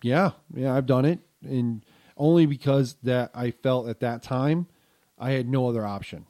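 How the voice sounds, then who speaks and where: A man's voice: mid-range voice, moderate pace, dark tone. A middle-aged man with a stuffed-up nose co-hosting a casual podcast, rambling, with frequent ums and restarts. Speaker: podcast co-host.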